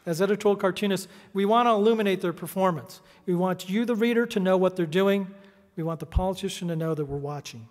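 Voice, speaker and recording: A man's voice: sits high, fast talker. Middle-aged male speaker, punchy and sardonic, podium mic, long hall reverb. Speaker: editorial cartoonist giving a talk. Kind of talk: prepared speech. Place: large hall.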